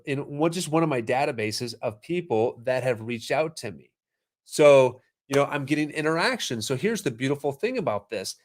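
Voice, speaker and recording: A man hosting a casual live stream about marketing, energetic and salesy, with quick asides to viewers. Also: medium pitch. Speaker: marketing show host.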